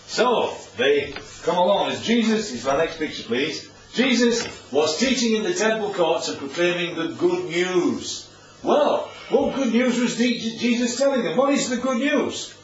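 A man preaches with a high, very animated voice and keeps checking in with his listeners. He sounds far from the microphone, and the dull recording is soaked in the echo of a large room. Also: measured pace, a little hiss or hum. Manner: chatty, asks the audience questions. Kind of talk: informal Bible teaching with slides.

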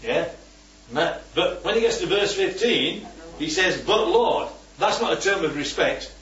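A man with a fairly high, lively voice leads a small-group Bible study at a moderate pace, teaching through discussion. He asks the group questions and keeps checking in with "right?" and "yeah?", and the distant mic makes the recording sound roomy and dull.

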